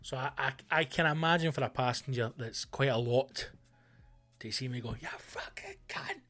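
A man with a Scottish accent hosting a comedy podcast, ranting loudly and swearing a lot. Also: mid-range voice, moderate pace, soft background music. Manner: loud, sweary, animated ranting.

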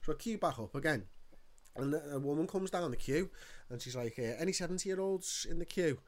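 Man, ranting storyteller, swears a lot, fairly high voice. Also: brisk. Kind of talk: casual chat, storytelling.

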